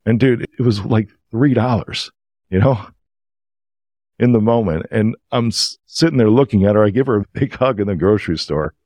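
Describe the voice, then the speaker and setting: A man, a podcast guest, telling a story in an animated, emotional, casual way. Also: on the low side, moderate pace, no echo.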